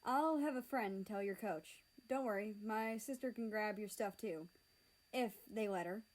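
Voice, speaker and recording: A woman's voice: medium pitch, a little slow, close to an everyday voice, low-quality recording. Cocky teasing teen boy, class president type, woman reading him.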